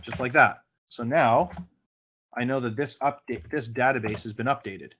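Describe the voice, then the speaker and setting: A male sales trainer runs an online training session, coaching in a direct manner and sometimes turning stern or scolding. His mid-range voice moves at a normal speed. The phone-like video call line sounds tinny, with slight background noise.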